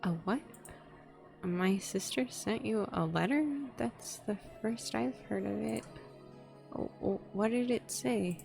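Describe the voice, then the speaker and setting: A gentle, soft-spoken woman boss in a story game, voiced by a woman, hushed as she remembers her sister. Her voice is pitched in the middle and slow, with faint music in the background. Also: vocal fry. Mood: surprised.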